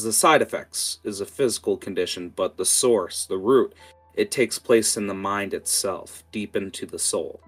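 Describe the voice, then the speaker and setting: A calm, mysterious healer cleric speaks slowly and gravely, as a man puts him on. His voice sits low and unhurried. Faint music plays underneath.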